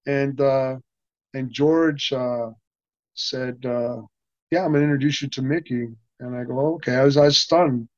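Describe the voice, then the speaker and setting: A man's voice: mid-range voice, steady tone, normal speed, dry recording. An older man, an interview guest, rambling through a story with many restarts and acting out what people said. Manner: rambling, many restarts, acts out quoted dialogue. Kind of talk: casual anecdotal storytelling. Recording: dull, dry sound.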